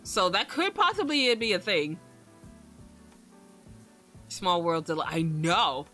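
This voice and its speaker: Young girl streamer, casual rambly chat, cusses a lot, bright tone. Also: fairly low pitch, sing-song, takes it slowly, soft background music. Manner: rambling, swears freely, laughs often.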